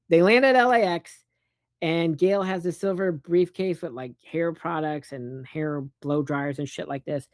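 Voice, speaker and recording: Someone with a mid-range, darkish voice casually recaps a movie plot, rambling along with profane, sarcastic asides and acting out characters' lines in quick put-on voices. There's no room sound.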